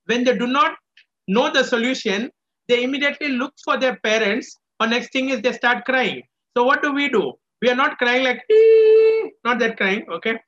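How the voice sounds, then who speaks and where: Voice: mid-range voice, moderate pace, pushed and bright, muffled recording. A preacher with a small child, delivering a sermon emphatically, repeating key phrases and asking rhetorical questions. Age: adult with a small child.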